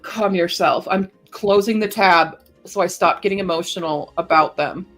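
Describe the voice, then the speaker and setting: Bright, bubbly woman streamer. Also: fairly low pitch, moderate pace, faint music behind. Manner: gushing, giggly, excitable. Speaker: writing streamer. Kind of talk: casual livestream chat.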